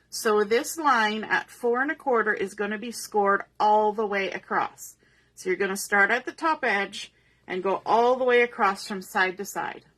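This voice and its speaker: A woman's voice: medium pitch, bright, forceful tone. A woman giving a patient, step-by-step papercraft tutorial, explaining each measurement as she works. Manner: patient, methodical, talks through each step. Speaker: papercraft instructor.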